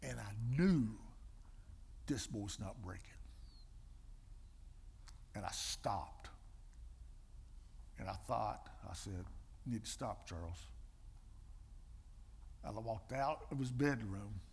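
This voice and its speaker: An older man giving sermon-style teaching with personal stories, emphatic and animated, with a husky voice. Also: fairly low pitch, slow, pauses often. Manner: animated storyteller, emphatic, mimics slapping sounds. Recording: long reverb in a large hall.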